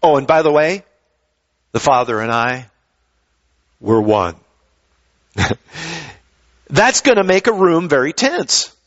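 A man's voice: fairly high pitch, expressive, takes it slowly, long pauses, lo-fi sound. Conversational male pastor preaching. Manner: conversational, repeats words when starting a thought. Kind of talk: sermon.

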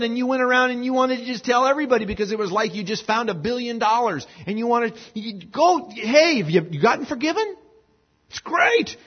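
Husky-voiced pastor preaching animatedly. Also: male voice, sits high. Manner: animated, conversational, acts out voices in anecdotes. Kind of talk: sermon. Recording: muffled lo-fi sermon recording.

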